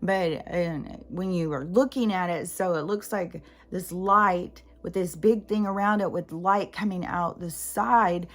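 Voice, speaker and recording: A woman's voice: fairly low pitch, steady tone, a little slow, hardly any pauses, a bit bright. A middle-aged woman talking in a casual, rambling vlog monologue, jumping between tangents with lots of fillers. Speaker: spiritual vlogger.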